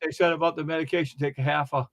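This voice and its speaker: A man chats casually on a live stream, often repeating short phrases of agreement. His voice is a little high for a man. The sound is dry and close. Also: fairly even intonation, racing, dry recording. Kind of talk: casual chat.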